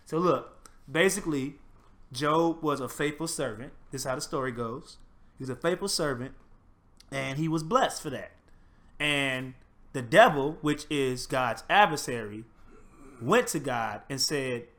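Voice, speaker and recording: A man in casual chat, animated and profane, retelling stories with acted-out quotes. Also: medium pitch, unhurried.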